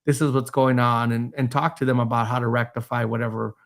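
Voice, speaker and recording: A man's voice: medium pitch, flat delivery, brisk, gravelly. A man hosting a panel talk on code enforcement, rambling with many restarts and the occasional laugh. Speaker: host, building official. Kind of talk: panel discussion.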